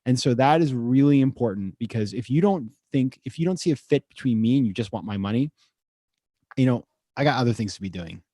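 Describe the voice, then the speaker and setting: A man speaking as an investor guest in a casual webinar interview, acting out quoted messages with lively shifts in his voice. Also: brisk, no room sound, studio quality. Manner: animated, acts out quotes with rising pitch.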